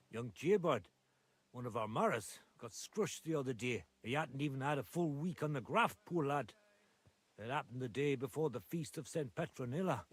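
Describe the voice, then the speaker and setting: A husky Geordie miner. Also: male voice, mid-range voice, no room sound. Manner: rambling, folksy dialect talk. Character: chatty male miner, superstitious and friendly. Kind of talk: video game voice acting.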